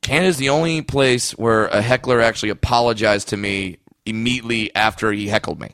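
A man co-hosts a comedy podcast and drops wry jokes in a flat, deadpan way. His voice sits at a middle pitch. The recording is close and dry. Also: fairly quick, creaky, dry recording. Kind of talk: casual podcast banter.

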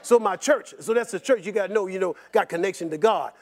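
High-voiced fast-talking older man. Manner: animated and rambling, repeats words, laughs often. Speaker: interview guest. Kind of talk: personal storytelling in an interview.

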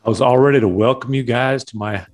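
A man's voice: medium pitch, fast talker, darkish tone, soft background music. Self-mocking male sports reporter. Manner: joking, self-deprecating. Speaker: podcast co-host, reporter. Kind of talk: casual sports chat.

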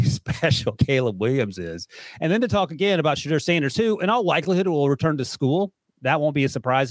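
A man's voice: mid-range voice, dry recording, clean studio sound. A man hosting a football podcast, joking with his co-host and plugging the show in a casual chat. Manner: upbeat, joking, plugs the show.

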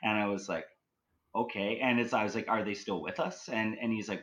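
A man with a very low, deep voice tells a long personal story in an easy, conversational way. He rambles, circles back and restarts his sentences, leaning constantly on "like" and "you know". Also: a little fast, a bit bright, low-quality recording. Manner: rambling, many fillers and restarts. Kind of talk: casual storytelling.

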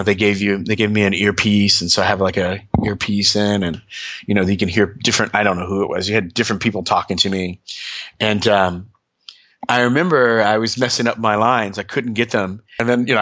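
A man being interviewed, telling stories in a casual, animated way with lots of fillers and sudden jumps in pitch. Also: dull audio. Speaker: interview guest. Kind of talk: casual storytelling.

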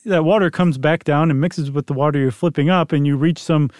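A man's voice: on the high side, fairly even intonation, brisk, darkish tone, no echo, studio quality. A man co-hosting a podcast, chatting casually and explaining things in a playful, wry way. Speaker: podcast co-host. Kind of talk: casual chat.

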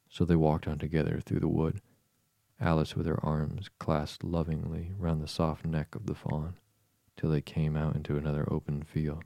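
A man narrating a storybook in a steady, even storytelling manner. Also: extremely low pitch, gravelly, dry recording. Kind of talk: storybook reading.

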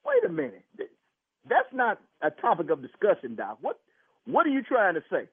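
An indignant man who keeps repeating himself and cutting the caller off. His voice is high and swings widely, with a husky edge. It comes through a tinny phone line. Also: huge pitch swings, normal speed, dry recording. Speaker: prank call target, husband.

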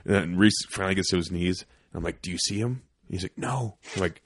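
A podcast host with a very low, deep voice tells a story on a casual podcast, talking quickly with a breathy edge, animated and swearing a lot. He drops to a hushed whisper when quoting himself, and the sound is close and dry with no room around it.

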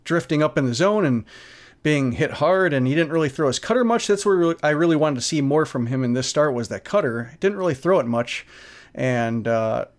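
A man's voice: on the high side, animated, fairly quick. A man co-hosting a casual sports talk show, giving analysis in a rambling way with many restarts and fillers. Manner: rambling, lots of "you know" and restarts.

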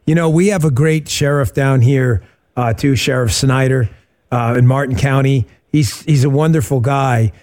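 A man's voice: mid-range voice, normal speed, a little mellow. A man hosting a talk radio interview, talking emphatically with a sarcastic edge. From New York. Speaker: host.

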